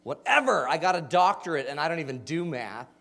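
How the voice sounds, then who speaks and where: Upbeat male keynote speaker in his forties, fairly high voice, full of asides and crowd questions, heard in a reverberant hall. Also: fairly quick. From Utah. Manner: animated, jokey, asks the audience questions. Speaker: motivational speaker. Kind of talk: storytelling keynote talk.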